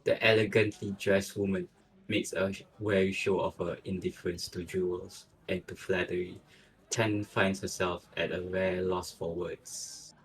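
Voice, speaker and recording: A man narrating a story in a steady, measured way. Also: sits low, poor audio.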